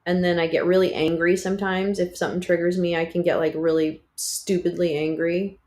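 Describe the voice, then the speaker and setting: A woman's voice: fairly low pitch, little pitch movement, a little fast, darkish tone. A woman hosting a livestream, talking in a candid, rambling way with swearing and laughs. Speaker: livestream host. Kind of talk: casual livestream chat.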